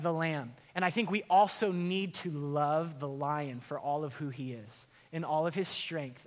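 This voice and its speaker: A man preaching a sermon as a pastor, casual and animated, with many fillers and restarts. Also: a little high, in a large hall.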